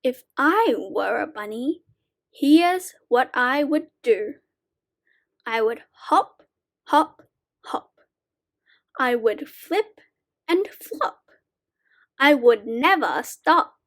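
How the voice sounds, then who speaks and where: A reading teacher, a woman with a high, animated voice, slowly reads short children's poems aloud. Her delivery is deliberate and sing-song.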